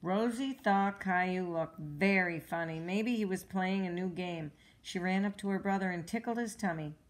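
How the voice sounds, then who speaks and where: A woman reading a children's storybook aloud at home, with clear, even, expressive narration. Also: on the low side, moderate pace. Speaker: storybook reader.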